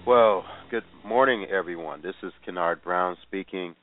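A man's voice: low voice, normal speed, soft background music. A man hosting a radio Bible teaching program, talking earnestly and repeating himself with fillers. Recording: tinny phone-line sound.

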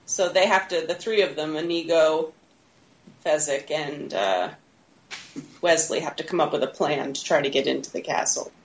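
Low-voiced woman recapping a movie. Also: normal speed, lo-fi sound, slight background noise. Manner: laughing, retelling scenes with quoted lines. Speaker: podcast co-host. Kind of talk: casual movie recap chat.

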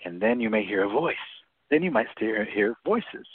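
A man's voice: lowish voice, expressive, normal speed, breathy edge, no echo. A man speaking as a guest author on a radio interview, explaining things chattily and often checking in with "right?". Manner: chatty, frequent "right?" tags and laughs. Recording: tinny phone line on radio.

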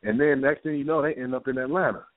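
A man chats as a guest playwright, slipping in and out of the voices of the people in his stories. His pitch sits in the middle for a man. The sound is dry and narrow, like a phone call. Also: fast, dry recording. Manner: animated storyteller, acting out quoted characters. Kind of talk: casual talk show chat. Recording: tinny phone-line audio.

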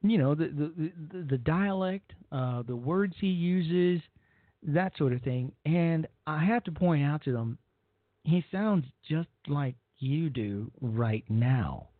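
A man hosts a talk radio show in a blunt, rambling monologue, circling back over his points. His voice sits a touch high for a man. The sound is dry and squeezed into a narrow, phone-like band. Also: animated, slow, no echo. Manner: blunt, rambling, repeats himself.

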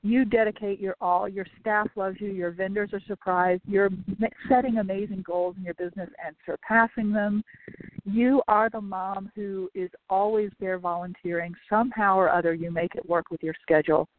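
A woman's voice: mid-range voice, fairly even intonation, normal speed, no room sound. A woman hosting her own podcast, talking in a chatty, tongue-in-cheek way and stacking repeated words for emphasis. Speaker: podcast host and business coach. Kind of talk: solo podcast monologue. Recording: tinny phone-like sound, dry.

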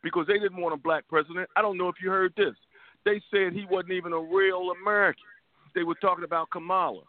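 A man's voice: sits high, fairly even intonation, fast talker, no room sound. A man co-hosting a talk radio show, heated and profane, repeating words as he goes. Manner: stammering repetitions, heated and profane. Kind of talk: casual political talk radio. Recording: tinny phone line.

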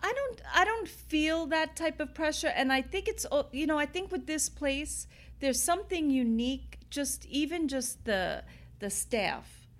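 A woman's voice: high voice, expressive, measured pace. Rambling New woman telling bar stories. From New York City. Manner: rambling, full of "you know" and "like", laughs while telling stories. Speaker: bar owner, interview guest. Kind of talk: casual interview chat. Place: inside an old bar.

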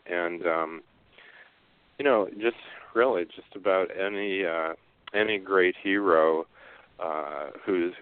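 A male author being interviewed, speaking haltingly with many fillers and restarts. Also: sits low. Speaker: author guest. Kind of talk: casual interview talk. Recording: phone line.

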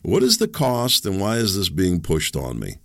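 A man in his fifties with a very low, gravelly voice, hosting his own political talk show. He talks in a heated, rambling and sarcastic way, his pitch swinging widely from one phrase to the next. The recording is dry and close, with no room sound. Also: wildly swooping pitch, normal speed, a bit bright, dry recording. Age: 50s. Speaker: podcast host. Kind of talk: political commentary monologue.

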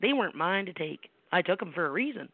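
A woman's voice: on the low side, sing-song, fast talker. A middle-aged American woman, a psychic medium hosting a call-in show, tells personal stories bluntly and emphatically, with salty language and rhetorical questions. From United States. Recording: tinny phone-line sound, dry.

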